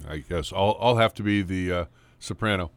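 A man's voice: deep voice, moderate pace, no room sound. A man hosting a morning radio show, chatting in a playful, joking way. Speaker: radio host.

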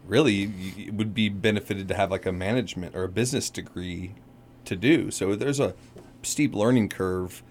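A man, an undersheriff, talking casually as a radio interview guest, rambling and halting with frequent restarts and self-corrections. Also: on the low side, a little hiss or hum.

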